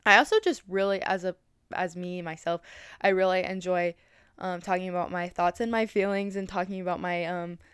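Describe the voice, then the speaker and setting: Young woman rambling on her podcast, lowish voice, super clean sound. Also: fairly even intonation, moderate pace, fairly bright tone, clean tone, no echo, studio quality. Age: 20s. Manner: rambling, many fillers and restarts. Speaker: podcast host. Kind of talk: casual solo podcast monologue.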